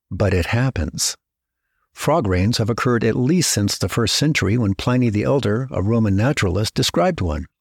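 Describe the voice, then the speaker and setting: A middle-aged man hosting a podcast, telling stories in a measured, reflective scripted narration that slows down to stress key words. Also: medium pitch, slightly rough, dry recording, clean studio sound. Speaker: podcast host.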